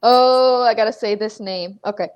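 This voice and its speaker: Female podcast host, slightly high voice, joking and casual with loose swearing. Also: normal speed, clear, resonant tone. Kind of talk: casual chat.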